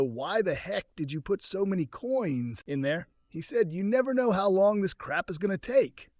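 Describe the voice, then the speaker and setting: A man's voice: a little high, dry recording, studio quality. A man telling a first-person story in an earnest, conversational way.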